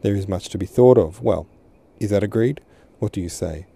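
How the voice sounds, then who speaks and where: A man's voice: fairly low pitch, normal speed, vocal fry, warm tone, husky. A man reading aloud, voicing a tender father who patiently reassures his daughter.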